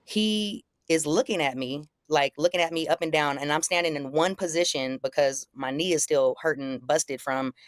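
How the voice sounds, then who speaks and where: Lively woman telling a story, dry sound. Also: moderate pace, few pauses, no echo. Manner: animated, acts out quoted lines in a higher voice. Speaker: guest recounting a confrontation. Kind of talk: casual storytelling in conversation.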